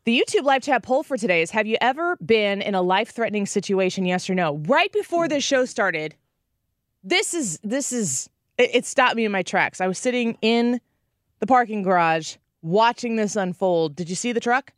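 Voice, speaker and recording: A woman in her thirties hosting a talk radio show, telling stories with animated energy and acting out the quotes. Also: mid-range voice, normal speed, no room sound, clean studio sound. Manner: animated storytelling, acts out quotes. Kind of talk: conservative talk radio monologue.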